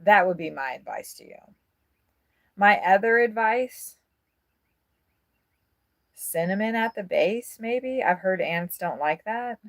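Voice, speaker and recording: A woman's voice: mid-range voice, lively intonation, takes it slowly, long pauses, dry recording, clean studio sound. A woman vlogger giving a rambling, frank tour of her RV, chatting casually and swearing freely. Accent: Midwestern American. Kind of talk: casual chat. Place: inside an RV.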